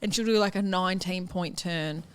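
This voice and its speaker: A woman's voice: on the low side, normal speed, a little hiss or hum. An Australian woman co-hosting a comedy podcast, telling stories in casual chat and quoting her mum in dry asides. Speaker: podcast co-host.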